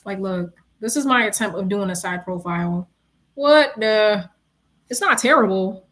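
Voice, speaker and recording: A young woman from New York with a New York accent, chatting casually and retelling a story in slangy, animated talk with frequent laughs. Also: mid-range voice, a little slow. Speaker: streamer. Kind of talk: casual chat.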